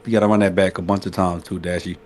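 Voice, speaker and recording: A man co-hosting a casual podcast, talking in slangy, profane, animated banter. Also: low voice, quick pace. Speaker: podcast co-host. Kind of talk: casual chat.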